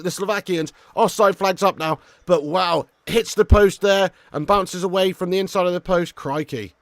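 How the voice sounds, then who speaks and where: A young man hosting a live football watch-along, chatting casually with his viewers, reading out their comments, swearing freely and shouting with excitement when a chance comes. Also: high-pitched, normal speed, hardly any pauses, dry recording, studio quality.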